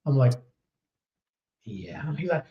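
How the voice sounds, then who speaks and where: A man's voice: mid-range voice, big pitch swings, slow, reverberant, lo-fi sound, over music. A man hosting a live podcast in casual chat, upbeat and laughing easily as he reads viewer comments aloud. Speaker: podcast host.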